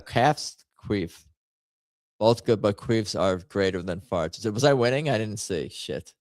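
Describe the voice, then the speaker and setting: A man with a fairly low voice chats casually while he plays a party game on stream. He rambles and jokes at his own expense. The sound is dry and close, with no room echo. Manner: rambling, jokey, self-mocking commentary. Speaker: stream host playing party games.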